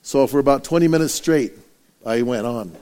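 A male pastor preaching a sermon, firing rhetorical questions and acting out anecdotes with lively swings in volume. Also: mid-range voice, normal speed, clear, resonant tone.

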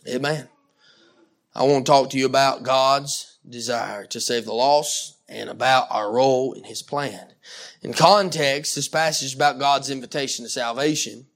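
A man preaching a sermon, animated and emphatic, with frequent restarts and calls of amen. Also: medium pitch, moderate pace. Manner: animated, with many restarts and Southern-style "y'all".

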